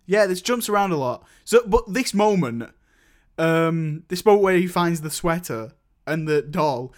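A man co-hosting a casual film podcast, easygoing and quick to laugh. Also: a little high, lively intonation. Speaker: podcast co-host.

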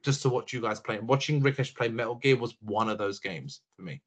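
A young man in casual podcast chat, rambling and animated. His voice sits at an ordinary middle pitch. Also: brisk. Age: young adult. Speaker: podcast co-host.

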